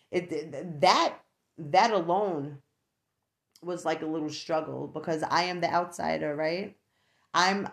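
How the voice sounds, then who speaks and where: Slow gravelly New York woman. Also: sits low. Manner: chatty, frank, peppers talk with "right?"; laughs often between thoughts. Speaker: vlogger and mother. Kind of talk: casual reflective talk to camera.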